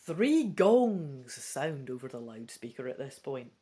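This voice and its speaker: A woman with a Scottish accent reading a gamebook aloud, breaking off into chatty, quick asides. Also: rumbling low, big pitch swings, warm tone. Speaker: gamebook reader. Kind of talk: casual read-through with chatty asides.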